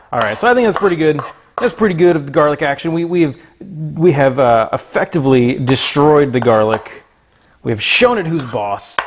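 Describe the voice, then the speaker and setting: Man, cooking livestream host, slightly high voice, very lively pitch, playful, jokey, home kitchen. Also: background noise. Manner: playful, jokey, chatting with viewers. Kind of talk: casual livestream chat while cooking.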